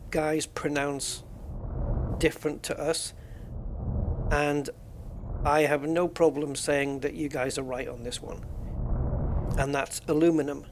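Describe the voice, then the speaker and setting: English male streamer, a touch high-pitched with a fry-edged voice, loose and chatty, laughs at his own jokes. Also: little pitch movement, slow pace, pauses often, background noise. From England. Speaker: game streamer. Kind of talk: casual chat while gaming.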